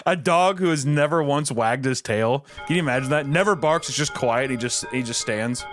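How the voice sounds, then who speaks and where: A man's voice: mid-range voice, moderate pace, music in the background. A man hosting a podcast, riffing casually with crude, profane jokes and frequent laughter. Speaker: podcast host. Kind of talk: casual comedic chat.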